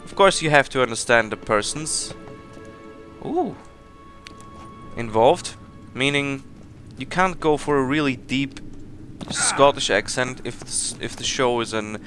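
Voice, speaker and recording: Male gameplay commentator, bright and a touch high, chatty and self-mocking, soft game music behind. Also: expressive, measured pace. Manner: chatty, rambling, laughs at himself. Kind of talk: casual let's play commentary.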